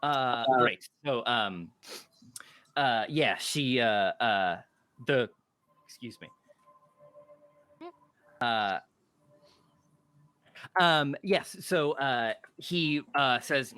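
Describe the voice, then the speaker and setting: A man running a tabletop game as game master, narrating haltingly with many fillers. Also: mid-range voice, pushed and bright, no room sound.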